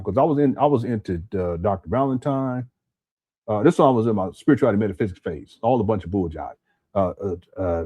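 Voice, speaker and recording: A man's voice: medium pitch, lo-fi sound. A man hosting a casual live stream at home, rambling and repeating his words as he talks to his chat. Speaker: commentary channel host. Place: hot home room.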